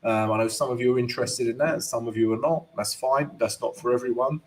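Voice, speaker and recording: A man's voice: medium pitch, fairly even intonation, fast talker. A man hosting a live-stream trading lesson and Q&A, chatty and loose, ending points with "right?". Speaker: forex trading educator and host. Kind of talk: live-stream market analysis and Q&A.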